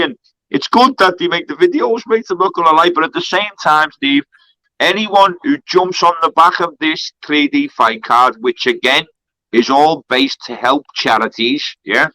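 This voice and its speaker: A man's voice: on the high side, normal speed, sharp tone, dry recording, low-quality recording. A man, a fighter on a charity card, trash-talking heatedly on a live stream from a kebab shop. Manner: aggressive, swearing trash talk.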